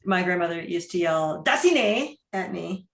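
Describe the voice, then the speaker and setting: Woman moderator, animated anecdote, roomy echo. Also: lowish voice, unhurried. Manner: animated, laughing storyteller. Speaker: discussion moderator. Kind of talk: casual group discussion. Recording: echoey room.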